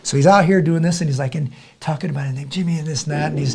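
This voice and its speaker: A man's voice: a little high, racing, vocal fry, background noise. A middle-aged man in a podcast conversation, telling a story animatedly with frequent restarts and repeated words. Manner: animated, acts out other people's voices. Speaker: podcast guest.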